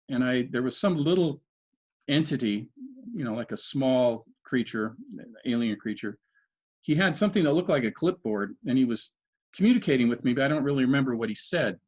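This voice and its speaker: Earnest older man telling a story. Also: mid-range voice. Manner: earnest, recounting events step by step with frequent restarts. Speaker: podcast guest. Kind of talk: conversational storytelling. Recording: dull lo-fi audio.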